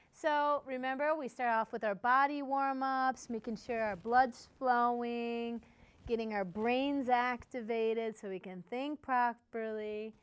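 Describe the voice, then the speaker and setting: A woman with a fairly high, clean voice hosts a playful, kids-style singing lesson as a music teacher and show host, cheering listeners on and demonstrating with hums and cat sounds.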